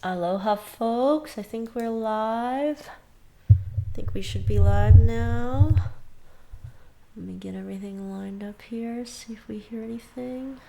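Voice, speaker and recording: Woman, music teacher on a webcam stream, slow easy delivery, a touch under the weather. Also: a little high, vocal fry, dark tone, a little hiss or hum. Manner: chatty, reads out viewer names one by one. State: slightly sick with a runny nose. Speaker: music teacher hosting a live lesson. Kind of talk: casual livestream greetings. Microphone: webcam mic, leaning in and backing away.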